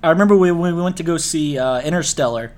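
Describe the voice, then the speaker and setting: A man with a somewhat raised pitch hosts a relaxed podcast conversation. He is laid-back, laughs easily and swears casually as he leads the talk. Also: fast talker, a little hiss or hum. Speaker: podcast host. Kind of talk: casual chat.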